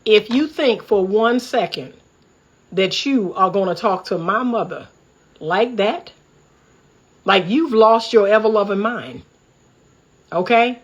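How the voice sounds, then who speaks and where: A woman's voice: medium pitch, lively intonation, takes it slowly, long pauses, slightly rough, dull audio. A middle-aged woman from the Washington D.C. area, hosting a livestream, talking in a fired-up, preachy and candid way. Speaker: relationship coach and host. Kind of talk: livestream commentary monologue.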